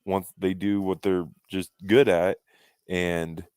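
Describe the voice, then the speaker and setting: Low-voiced man rambling in casual chat. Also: little pitch movement, slow pace, darkish tone, smooth, dry recording. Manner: rambling, restarts often, fan opinions. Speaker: podcast co-host.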